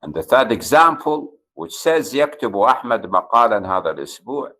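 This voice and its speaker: A man's voice: medium pitch, very animated, very fast, pushed and bright, low-quality recording. A man with an Arabic accent, a native Arabic speaker, giving a university grammar lecture and stressing key words as he explains.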